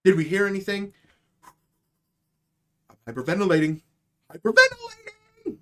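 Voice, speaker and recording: A man hosting a live stream, ranting in a loud, profane, excitable way and spinning absurd made-up stories for his chat, swinging between shouts and low mutters. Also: normal speed. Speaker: host of a live stream show. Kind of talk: casual comedic live-stream rant.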